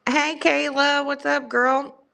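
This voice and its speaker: A woman's voice: high voice, flat delivery, slow pace, vocal fry, sharp tone. A young woman with a strong Southern US accent chatting casually on a livestream and greeting viewers by name. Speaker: livestream host.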